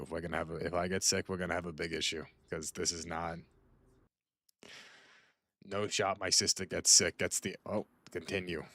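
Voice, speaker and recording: A man's voice: low-pitched, pushed and bright, no echo. A young man chatting casually while playing a video game, rambling and cutting himself off, talking to a friend off-mic. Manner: rambling, self-interrupting, talks to a friend off-mic. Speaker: gaming streamer. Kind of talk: casual gaming commentary.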